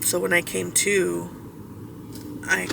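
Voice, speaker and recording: Middle-aged woman vlogger, rambling and candid, gravelly voice, a bit off-mic, for a casual car-ride vlog. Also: on the low side, flat delivery, takes it slowly, far from the mic. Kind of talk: casual personal storytelling. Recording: road noise, mic held away.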